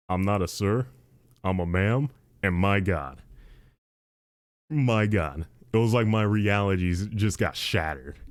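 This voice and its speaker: Young male podcast host, deep-ish and soft-toned, loose rambling chat. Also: no room sound, studio quality. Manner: rambling, repeats himself, says dude a lot. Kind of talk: casual chat.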